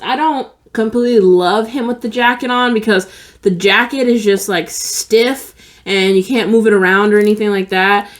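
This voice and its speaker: A woman vlogger chatting casually through a toy unboxing, laid-back and candid, with many fillers like "like" and "um". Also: mid-range voice.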